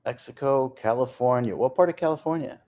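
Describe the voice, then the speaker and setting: A man's voice: mid-range voice, brisk. A man hosting a live stream, chatting casually and reading viewer comments aloud, laughing often. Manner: lively, reads off places and names, laughs often.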